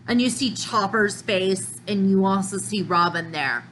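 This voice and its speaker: A woman hosting a manga reaction video, reading panels aloud and thinking out loud between them. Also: medium pitch, a little slow, hardly any pauses, a little hiss or hum, low-quality recording. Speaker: manga reaction channel host.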